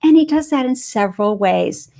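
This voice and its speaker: A woman's voice: high-pitched, animated, normal speed, creaky, warm tone. Bubbly Boston woman hosting a live stream. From Boston area, US. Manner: bubbly and enthusiastic. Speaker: live stream show host.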